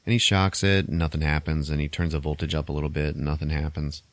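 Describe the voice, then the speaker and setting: Man, very low voice, casual podcast plot recap, wry and loose, dry sound. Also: level tone, no room sound. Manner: loose storytelling with swearing and quick mock voices. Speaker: podcast host recapping a film. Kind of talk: casual chat.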